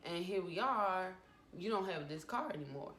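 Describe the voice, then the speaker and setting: A woman's voice: lowish voice, lively intonation, normal speed, a bit bright. A woman in her twenties telling a personal story at home in a vlog, talking it through with feeling and acting out the quotes. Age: 20s. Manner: emotional retelling with acted-out quotes. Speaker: vlogger. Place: home room. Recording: echoey room with faint background noise. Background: family noise from downstairs.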